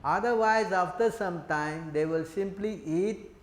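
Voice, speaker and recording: A man's voice: on the high side, unhurried. Man preaching in an echoey room. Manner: asks the audience questions, laughs, acts out quotes. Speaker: preacher giving a scripture class. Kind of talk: sermon.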